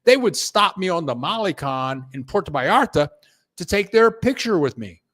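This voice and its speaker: A man's voice: high voice, sing-song, moderate pace, a bit bright. An older man chatting casually on a live stream, telling stories and reading out viewer comments. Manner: storytelling, reads viewer comments aloud, chuckles. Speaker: vlogger.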